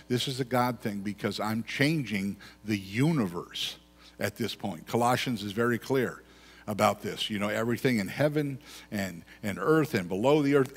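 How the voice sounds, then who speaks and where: A man's voice: fairly low pitch, husky. Man preaching in a reverberant church. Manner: conversational preaching with repeated phrases. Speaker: pastor. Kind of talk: sermon. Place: church sanctuary. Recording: long church hall reverb.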